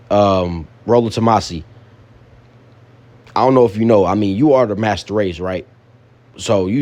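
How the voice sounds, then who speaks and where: A man's voice: low voice, darkish tone. A man giving casual reaction commentary as a co-host, talking in slangy, mocking rants that circle back on the same points. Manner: slangy, mocking, repetitive ranting.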